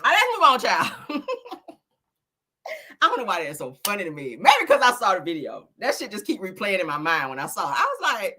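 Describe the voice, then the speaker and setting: A woman's voice: medium pitch, huge pitch swings, a little fast, pushed and bright, slightly rough. A woman hosting a casual gossip commentary show, profane and laughing often, acting out quotes.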